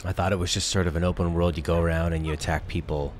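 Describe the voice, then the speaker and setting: A man's voice: sits low, flat delivery, fast, a little hiss or hum. A young man chatting casually and jokily as he plays through a video game. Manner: chatty, rambling, jokey. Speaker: gaming channel host. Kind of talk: casual let's-play commentary.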